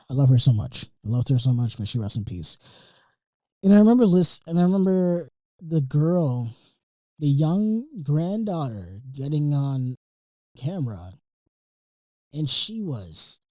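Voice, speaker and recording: A young man hosts his podcast in a loose, emotional monologue that is full of fillers and restarts and peppered with swearing. His voice is dark and mellow. The recording is dry and close, with no room sound. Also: a little high, big pitch swings, slow, pauses often, no room sound, poor audio. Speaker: podcast host. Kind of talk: casual monologue.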